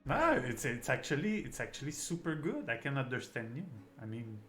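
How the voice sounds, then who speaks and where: A young man speaking as a hosts a casual chat, full of restarts and eager swearing. His voice sits at a medium pitch for a man. Faint music runs underneath. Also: a little fast. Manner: animated, stumbling, swears a lot. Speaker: host.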